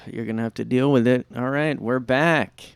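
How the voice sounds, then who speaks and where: A man's voice: mid-range voice, steady tone, moderate pace, vocal fry, clean tone, dry recording. A man hosting his solo podcast from his room in a sarcastic, rambling monologue. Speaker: podcast host.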